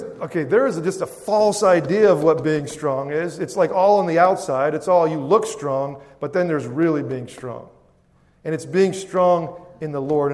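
The pastor's voice is on the high side with a darkish tone, echoing in a long hall reverb. During his sermon he often calls out "Amen?" to the congregation.

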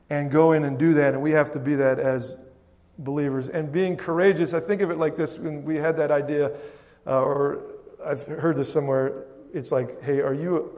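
A man's voice: on the high side, a little mellow. A man preaching a sermon as pastor, often calling out "Amen?" to the congregation. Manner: preaching with frequent "Amen?" call-outs to the congregation. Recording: long hall reverb.

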